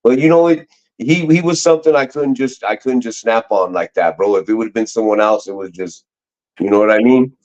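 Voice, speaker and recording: Low-voiced man on dull lo-fi audio. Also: fairly quick, a little mellow. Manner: slangy, rambling, frequent restarts. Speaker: guest. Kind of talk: casual storytelling chat.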